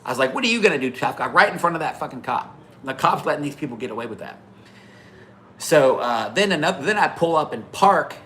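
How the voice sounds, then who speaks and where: Bright-voiced man swearing through live anecdotes. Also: a little high, lively intonation, a little fast, a little hiss or hum. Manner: talks to viewers by name between stories. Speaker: livestream host. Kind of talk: casual storytelling to a live chat.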